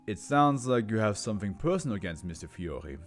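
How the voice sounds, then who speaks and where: Give me a persistent police interrogator who presses with measured, probing questions, as a man reading aloud plays him. The voice sits fairly low with a lively pitch. Faint music runs underneath.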